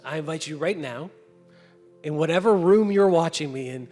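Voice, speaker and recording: A male pastor with a fairly high voice, preaching earnestly to his congregation. His words ring with a long church-hall reverb, faint music underneath. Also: normal speed, a little mellow. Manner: storytelling, earnest invitation. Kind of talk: sermon. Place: church sanctuary.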